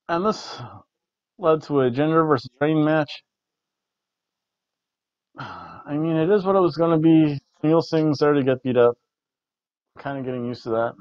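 A man's voice: mid-range voice, moderate pace, pauses often, no room sound. Man, wrestling review podcast host, rambling casual chat, repeats himself, dry lo-fi sound. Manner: rambling, repeats words, food-rating jokes. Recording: dull lo-fi dry recording.

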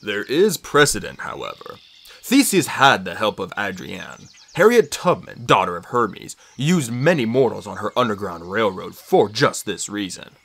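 A narrator voicing an old male centaur teacher in an audiobook, slow, solemn and measured. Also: sits low, very animated, creaky, fairly bright tone, husky, heavily acted. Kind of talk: audiobook character voice.

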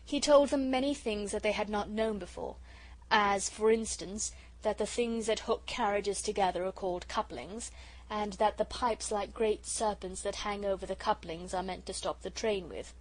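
A woman reading a classic children's novel aloud as an audiobook narrator, in a calm storytelling way. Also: mid-range voice, moderate pace, rough recording. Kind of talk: scripted narration.

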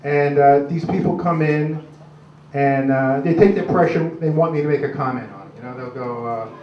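A man's voice: a little high, normal speed. A man doing a crude, rambling stand-up routine on a club stage. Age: 60s. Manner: crude, gruff, rambling with many "uh"s. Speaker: stand-up comic. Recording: roomy, distant, dull club recording.

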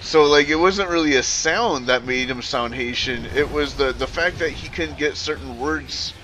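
A man streaming, ranting casually to his chat in an animated, profane, rambling way with frequent self-corrections. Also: a little high, normal speed, slight background noise.

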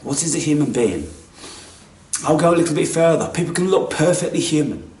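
A man delivering a theatrical spiritual monologue, swinging from hushed whispers to loud outbursts. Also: on the high side, expressive, fairly quick. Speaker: spiritual video maker. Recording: echoey room, distant mic.

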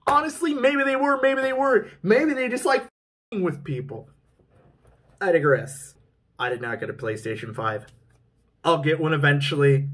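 A man's voice: mid-range voice, a bit bright. A young man ranting in a frustrated, exasperated vlog monologue, swearing freely. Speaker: vlogger.

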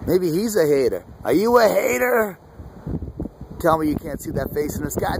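A man filming the sky outdoors on his phone, rambling excitedly in a loose, off-the-cuff vlog and calling himself by his channel nickname. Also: a little high, moderate pace, vocal fry. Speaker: vlogger. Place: outdoors under an open sky. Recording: wind noise on the mic.

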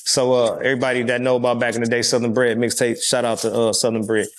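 A man's voice: mid-range voice, level tone, quick pace, slight background noise. A middle-aged man from California, a rapper telling stories in a casual interview with loose, profane street talk and frequent fillers.

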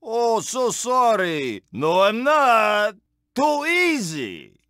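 A man's voice: high-pitched, wildly swooping pitch, extremely slow, sharp tone, dry recording, studio quality, heavily acted. An actor playing a shifty little male French car in a video game, taunting rivals in a theatrical French accent. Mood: mocking. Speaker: game character.

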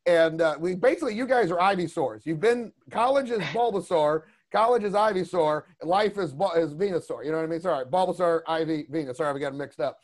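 A man's voice: on the high side, quick pace, hardly any pauses. A man teaching a creature design class over a video call, chatty and rambling with lots of asides. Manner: rambling, chatty, lots of "you know what I mean". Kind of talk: casual online class talk.

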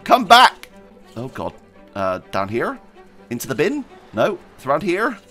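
Excitable man playing a game. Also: mid-range voice, normal speed, faint music behind. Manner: excitable, squeals with delight, chatty. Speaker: gaming video host. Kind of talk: let's play commentary.

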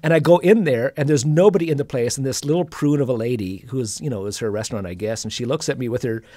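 A middle-aged man hosting a podcast, telling a personal story in a reflective, soft-spoken way with many restarts. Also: mid-range voice, quick pace, dry recording. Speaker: podcast host and singer-songwriter. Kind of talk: casual storytelling conversation.

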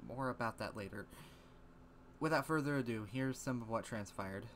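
A man's voice: medium pitch, moderate pace, fairly bright tone, slight background noise. A man giving a casual voice-over intro to his gaming video, chatty and offhand, tossing in asides. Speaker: video creator.

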